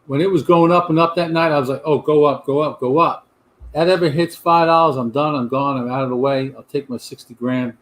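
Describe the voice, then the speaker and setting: A middle-aged man, his voice sitting a touch high for a man. He hosts a casual livestream chat, rambling from one thing to the next and answering viewer comments as he goes. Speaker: host of a livestream chat show.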